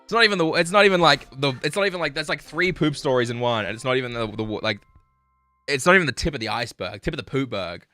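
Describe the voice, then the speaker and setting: An Australian man telling an animated, crude, self-mocking story to his livestream chat. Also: mid-range voice, quick pace, faint music behind. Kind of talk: casual storytelling to stream chat.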